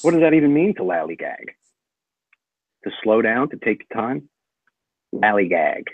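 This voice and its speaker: A man's voice: lowish voice, big pitch swings, moderate pace, no room sound, phone-quality sound. A man in casual livestream banter, telling crude jokes.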